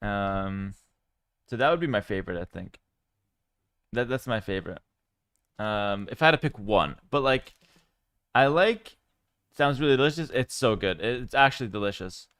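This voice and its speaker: Male streamer, casual chat, smooth clear voice, dry close sound. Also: on the low side, moderate pace, pauses often, dry recording. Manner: relaxed and chatty, with frequent fillers.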